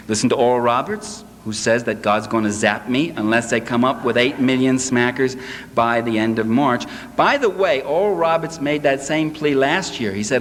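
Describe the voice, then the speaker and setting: A man giving a live political lecture to an audience, sarcastic and animated, mocking the people he quotes. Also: mid-range voice, normal speed. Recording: echoey hall, faint hiss.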